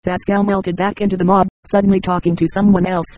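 An audiobook narrator reading a science-fiction novel in an even, steady manner. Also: mid-range voice, fast, no room sound, poor audio.

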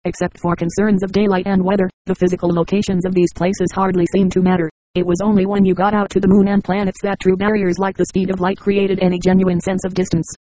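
A man reading a novel aloud as an audiobook narrator, in an even, measured way. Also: sits high, no echo, poor audio. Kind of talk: scripted narration.

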